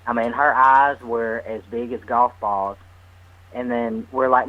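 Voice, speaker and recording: A man telling an animated, laughing story as a guest on a radio talk show. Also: medium pitch, unhurried, rough recording. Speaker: guest medium's partner.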